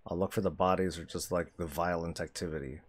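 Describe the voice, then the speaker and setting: A male streamer chatting casually while playing a game, animated, swearing freely and laughing often. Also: low-pitched, fairly quick, husky. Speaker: streamer host. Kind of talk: casual gameplay commentary.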